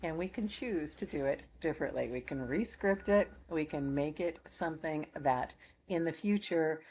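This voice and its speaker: Casting note: middle-aged woman with a low voice, card reader, soft and affirming, blessing her listeners over and over. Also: moderate pace, breathy edge. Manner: gentle, affirming, repetitive blessings. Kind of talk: spiritual channel closing talk.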